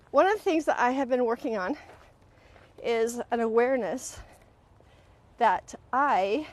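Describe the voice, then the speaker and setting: A woman hosting a live-stream talk on emotional healing, speaking earnestly to viewers and acting out quoted voices as she goes. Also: on the high side. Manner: animated, acts out quoted voices mid-sentence; earnest, directly addresses viewers. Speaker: host. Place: at home, on a live video stream.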